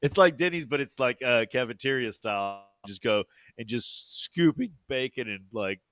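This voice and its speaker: A man's voice: medium pitch, animated, normal speed, fairly bright tone, dry recording. A man co-hosting a podcast, telling rambling stories in casual chat, full of fillers and laughter. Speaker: podcast co-host.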